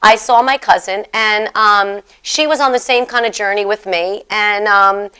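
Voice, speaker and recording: A middle-aged woman hosting a show, telling her story in a chatty, animated way. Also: medium pitch, a little slow, clear, resonant tone. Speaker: host. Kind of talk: casual chat.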